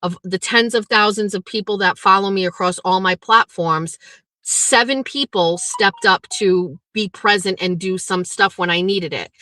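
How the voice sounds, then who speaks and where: A woman's voice: medium pitch, fairly even intonation, moderate pace, pushed and bright, dry recording. Blunt, foul-mouthed woman livestreamer. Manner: blunt and profane, ranting then chatty. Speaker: livestream host. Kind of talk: casual livestream chat reading viewer comments.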